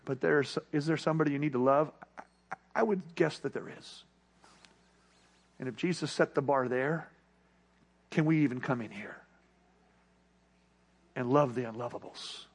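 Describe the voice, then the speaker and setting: A man's voice: medium pitch, moderate pace, pauses often, husky. A man preaching a sermon, telling a story in an earnest voice that rises with the tension and drops when he gets to the lesson. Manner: earnest, rising then hushed.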